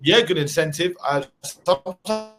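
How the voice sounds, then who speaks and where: A man's voice: a little high, unhurried, a bit bright, faint music behind. A man co-hosting a live webinar, reading out viewer questions and answering them in a hyped, sweary, motivational way. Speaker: co-host.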